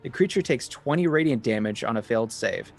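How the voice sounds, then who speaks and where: A man's voice: medium pitch, expressive, fairly quick, vocal fry. A man playing a cleric in a tabletop game, reading spell rules aloud steadily. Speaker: player, cleric.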